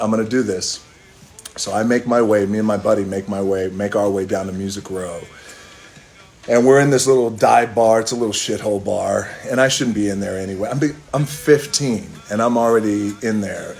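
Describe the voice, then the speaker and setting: A middle-aged man from Hawaii telling a long personal story in a relaxed, rambling way on a phone live stream, stopping for toasts and asides. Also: fairly low pitch.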